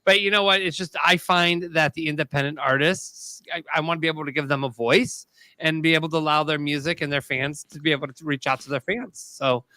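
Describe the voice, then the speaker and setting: Bright upbeat man hosting a talk show. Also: on the high side, fairly even intonation, a little fast, no echo. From USA. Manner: upbeat, thankful, wraps up guests. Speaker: show host.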